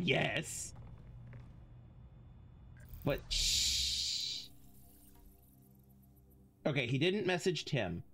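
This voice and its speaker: Game streamer, middle pitch, casual let's-play talk, reads game text aloud, loud laughing, casual swearing.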